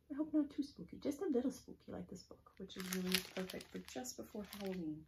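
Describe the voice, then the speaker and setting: A woman librarian leading a preschool story time, reading aloud slowly in a sing-song way and often dropping to a soft whisper. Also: medium pitch, animated, gravelly. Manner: leads rhymes and chants with children. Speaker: children's librarian. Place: public library.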